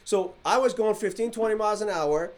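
A man from the Middle East telling a story in casual podcast chat, animated and acting out quoted dialogue. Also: sits high, a little fast.

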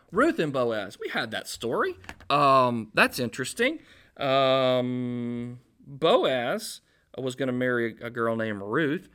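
A man preaching a casual, jokey storytelling sermon in a conversational, animated way. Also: mid-range voice. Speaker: pastor.

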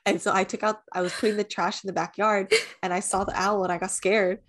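A young woman co-hosting a podcast, telling a story in casual chat, animated, with lots of "like" and swearing. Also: medium pitch, fast talker. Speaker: podcast co-host.

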